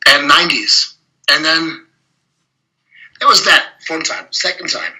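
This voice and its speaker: A middle-aged man tells his gym stories as an interview guest. His voice sits a little high and comes out hard and forceful. He is blunt and swears freely as he spins his anecdotes. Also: a little slow, rough recording. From Germany. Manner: blunt, profane, animated anecdotes with frequent laughs. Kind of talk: casual interview storytelling.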